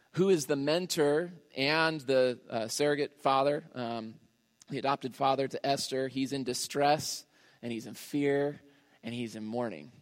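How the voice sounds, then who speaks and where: Male pastor, mid-pitched voice, casual sermon delivery full of "uh"s and restarts, recorded with hall reverb. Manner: conversational, many fillers and restarts.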